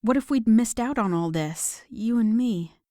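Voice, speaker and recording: A woman's voice: fairly high pitch, expressive, a little slow, mellow, no echo, clean studio sound, voice pushed up. A woman voicing an emotional young woman in love in an audiobook romance, her speech lifted and eager.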